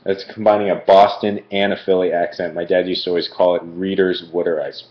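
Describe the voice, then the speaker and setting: Low-voiced guy rambling through a live food review, lots of ums, echoey and kinda muffled. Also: flat delivery, fairly quick, few pauses. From Philadelphia. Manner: chatty, rambling, digresses with fillers. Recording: echoey room, dull lo-fi stream audio.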